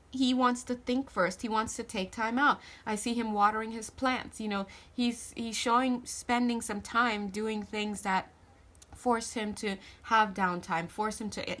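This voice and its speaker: A woman giving a casual spiritual tarot reading to camera, chatty and joking with viewers, often restarting her sentences. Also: medium pitch. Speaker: tarot reader.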